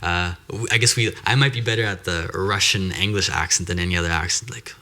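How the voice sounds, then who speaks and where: Man, podcast host, very low voice, bright tone, relaxed, casual interview chat. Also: fast. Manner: relaxed, frequent affirming "mm-hmm".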